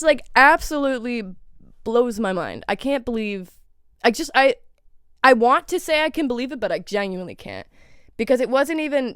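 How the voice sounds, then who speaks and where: A woman's voice: sits high, smooth, dry recording, studio quality. A young woman hosting a podcast, ranting in casual commentary with heavy swearing and rhetorical questions. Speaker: podcast host.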